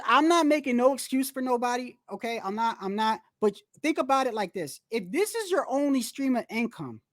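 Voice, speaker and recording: A woman's voice: on the high side, no room sound, studio quality. Fired-up profane woman streamer. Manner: animated, profane, slangy, lots of restarts. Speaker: boxing channel host. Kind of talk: casual livestream commentary.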